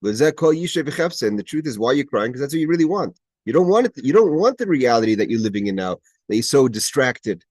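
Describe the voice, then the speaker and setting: A man's voice: mid-range voice, big pitch swings, a little fast, few pauses, darkish tone, no room sound. A man leads a study class over a video call, moving between Hebrew quotations and his own English explanation. His voice sits in a middle register and the sound is dry and close. He stumbles and restarts often, then presses hard on his main points. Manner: grows emphatic at key points. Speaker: teacher leading a Torah study class. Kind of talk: explaining a Hebrew text line by line.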